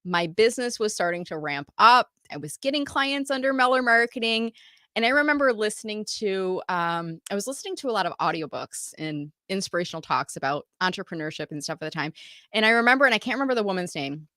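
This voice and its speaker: Middle-aged woman, business owner, animated storyteller; bright tone, dry close sound. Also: mid-range voice, fast, dry recording. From United States. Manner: animated storytelling, acting out quoted dialogue. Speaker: marketing business owner telling her career story. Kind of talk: live online talk.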